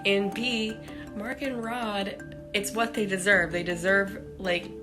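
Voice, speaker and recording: A woman's voice: medium pitch, steady tone, slow. A woman giving a chatty, scheming confessional as a reality game contestant. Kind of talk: casual confessional. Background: background music.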